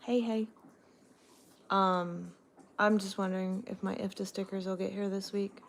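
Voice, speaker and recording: A woman's voice: medium pitch, level tone, unhurried, creaky. A woman truck driver from Texas, chatting casually on a livestream in a sarcastic, swearing manner.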